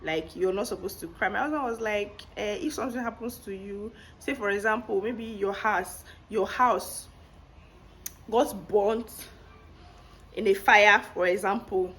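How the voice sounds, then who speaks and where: A woman with a Nigerian accent, talking to camera in a chatty vlog, animated and laughing often as she tells a story, recorded at home on a clip-on mic. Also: mid-range voice, a little slow. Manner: animated, laughs often, talks with lively emphasis. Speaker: vlogger. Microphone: clip-on microphone.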